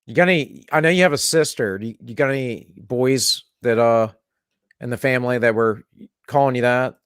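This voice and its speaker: A man's voice: mid-range voice, brisk, clear, resonant tone, no echo, clean studio sound. A man hosting a casual chat show, joking around and reading viewer messages aloud. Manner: jokey, reads chat aloud. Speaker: podcast host.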